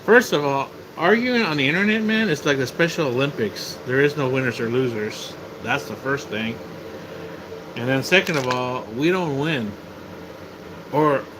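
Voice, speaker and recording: A mid-range male voice comes through a noisy background as he livestreams from outside his house. He chats casually and rambles, repeating himself and cursing whenever he gets worked up.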